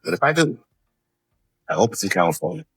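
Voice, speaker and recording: A man's voice: medium pitch, sing-song, a little fast, slightly rough. Rambling middle-aged male stand-up comic. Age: 50s. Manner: rambling, self-deprecating asides with frequent restarts. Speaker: stand-up comedian. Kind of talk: stand-up routine.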